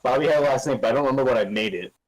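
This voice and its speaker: A man's voice: medium pitch, racing, low-quality recording. A young man chatting casually on a podcast, laughing often between remarks. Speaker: podcast guest. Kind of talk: casual chat.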